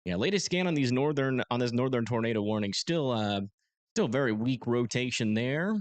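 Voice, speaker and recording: A young man hosting a live storm-tracking stream, talking casually and haltingly with many fillers as he reads radar. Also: mid-range voice, lively intonation, dry recording. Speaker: storm-tracking livestream host. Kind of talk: live weather commentary.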